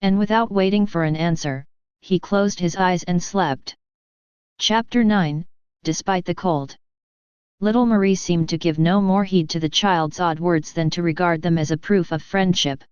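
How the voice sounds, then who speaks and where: A woman narrates a classic novel in calm, measured scripted narration. Her voice sits a little low and is very smooth and clear. The recording is dry and a touch muffled. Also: no room sound. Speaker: audiobook narrator.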